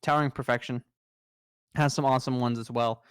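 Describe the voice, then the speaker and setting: A man's voice: medium pitch, fairly even intonation, fairly quick, smooth, no echo. A young man co-hosting a casual podcast, enthusiastically running through a list of trading cards. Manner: enthusiastic, rattles off card lists. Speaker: podcast co-host presenting trading card news.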